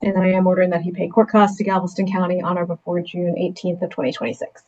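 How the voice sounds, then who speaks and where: A woman's voice: lowish voice, level tone, quick pace, a little mellow, lo-fi sound. A woman judge speaking firmly and in a businesslike way at a court hearing, with frequent fillers. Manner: firm, businesslike, hesitant fillers.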